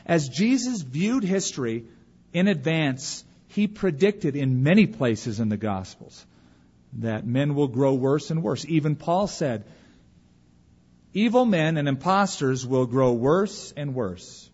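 Man preaching, husky voice, slightly high, emphatic with hushed phrase endings, lo-fi sound. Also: expressive. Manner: emphatic preaching, slows down for weight and drops to a hush at phrase ends. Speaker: pastor. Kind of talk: sermon. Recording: dull lo-fi recording.

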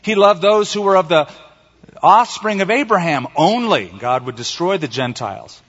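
A male pastor preaching a sermon emphatically, slowing down and stretching out the key words. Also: sits high, animated, a bit bright. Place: church sanctuary. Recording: echoey hall, slightly dull sound.

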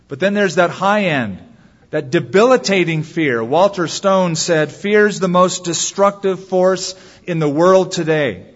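Male pastor preaching a sermon, fairly high voice, dull muffled recording. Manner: storytelling, acts out quotes with lively shifts. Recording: dull sound with long hall reverb.

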